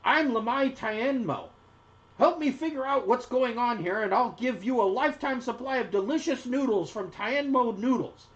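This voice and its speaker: Man putting on a shrill flustered gnome woman. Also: expressive, normal speed, fairly bright tone, heavily acted. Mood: persuasive. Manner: high shrill scolding in broken English. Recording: dull lo-fi audio.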